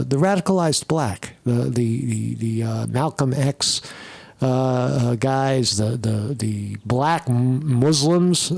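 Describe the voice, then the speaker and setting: Male host, US-born, gravelly, combative profane rant, constantly asks his audience to agree; dry booth. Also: mid-range voice, a little mellow, no echo. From United States. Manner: profane, combative, repeats "right?" tags. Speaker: commentary show host. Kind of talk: ranting political commentary.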